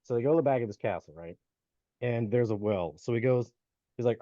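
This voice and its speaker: Brisk and mellow, his mid-range voice carries no room sound. As a podcast co-host, he retells a folk tale in a relaxed, filler-heavy way with many restarts, over dull lo-fi audio.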